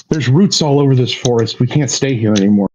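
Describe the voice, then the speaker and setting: A man voicing a weary grown mermaid aunt who speaks in halting, breathy bursts. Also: medium pitch, dark tone, highs cut off, slight background noise, close to an everyday voice.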